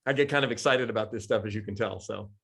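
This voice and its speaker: Animated man coaching a group. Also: lowish voice, quick pace, vocal fry, husky. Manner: lively, acts out quoted voices, laughs often. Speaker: coach and speaker. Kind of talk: live coaching talk to a group.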